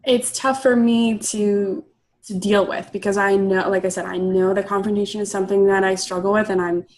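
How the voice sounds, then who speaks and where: A woman in her late twenties, a coaching client, talking haltingly about her struggles. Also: medium pitch, steady tone, low-quality recording. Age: 20s. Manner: hesitant, many fillers and restarts. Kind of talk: hesitant personal sharing.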